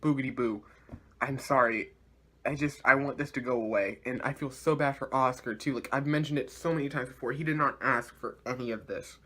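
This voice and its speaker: Animated, slangy male show reviewer. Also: medium pitch, a little fast, slightly rough. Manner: animated, slangy, laughs often. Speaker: series reviewer. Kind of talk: casual video review.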